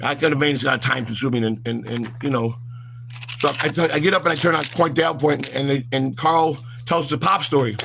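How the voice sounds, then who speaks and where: A man's voice: mid-range voice, fairly even intonation, a little fast, creaky, noisy background. Rambling man vlogging outdoors. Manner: rambling, with many fillers and stammered repeats. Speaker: vlog host. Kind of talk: rambling walk-and-talk vlog.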